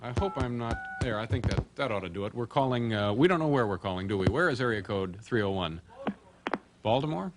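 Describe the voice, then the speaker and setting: A man hosting a late-night talk show, reading viewer mail with wry, deadpan asides. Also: lowish voice, brisk, over music. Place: television studio with live audience. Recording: studio audience and noise behind.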